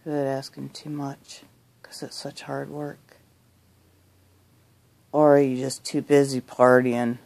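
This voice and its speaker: A middle-aged woman talking softly in a bedroom at night, cooing affectionately and often half-whispering. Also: rumbling low, flat delivery, slow, vocal fry, pauses often. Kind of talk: soft-spoken recorded monologue.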